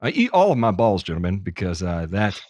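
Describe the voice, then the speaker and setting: A man's voice: low-pitched, big pitch swings, fairly quick, darkish tone, no echo. A man hosting a casual livestream talk show, teasing his guests and talking in bursts with lots of restarts and fillers. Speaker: podcast host.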